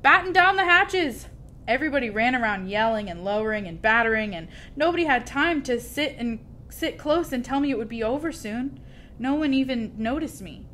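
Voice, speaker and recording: Woman, storybook reading, bright high voice, animated, faint rumble behind. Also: brisk. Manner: expressive, lively storytelling. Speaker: storybook reader. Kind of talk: children's story read aloud.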